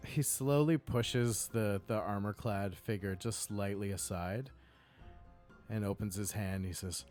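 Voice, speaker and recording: A man with a low voice runs a tabletop game, setting each scene in measured, descriptive detail. He lays out places and creatures at a steady pace, with faint music behind him. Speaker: game master.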